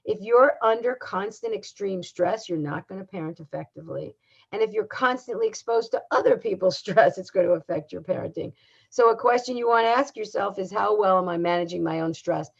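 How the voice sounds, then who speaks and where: An older woman giving a recorded talk as a parenting educator, speaking in a calm, measured and instructive way. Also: medium pitch, vocal fry, breathy edge. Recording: dull lo-fi sound.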